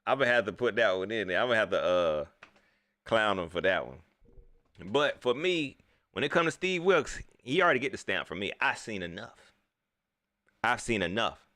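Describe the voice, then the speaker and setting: A man, hosting a casual live sports talk show, animated and talking straight to his viewers as he reads their chat. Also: fairly low pitch, normal speed, pauses often, no echo. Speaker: sports talk livestream host.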